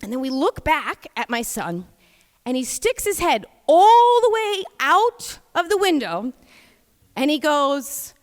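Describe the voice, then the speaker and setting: High-voiced New York woman telling a story. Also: slow. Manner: animated, comic, chatty with many asides. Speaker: host and storyteller. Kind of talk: live stage storytelling. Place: theater stage. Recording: reverberant live theater sound.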